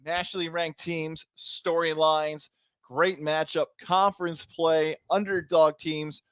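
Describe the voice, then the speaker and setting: A man co-hosting a casual sports talk show, laying out standings and scenarios in a steady, methodical way. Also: on the high side, slow, smooth, dry recording.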